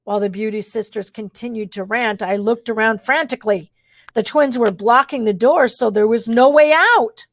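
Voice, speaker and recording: A woman's voice: fairly high pitch, moderate pace. A woman reading a children's adventure book aloud with expression, dropping in wry asides of her own. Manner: reads expressively, adds wry spoken asides. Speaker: storybook reader.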